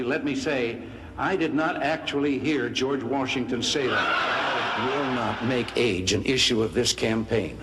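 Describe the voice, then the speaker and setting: A man in his seventies giving a humorous speech, delivering his punchlines dryly and deadpan. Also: medium pitch, slight background noise. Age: 70s. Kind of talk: humorous speech, telling jokes. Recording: speech in a large hall with long reverb.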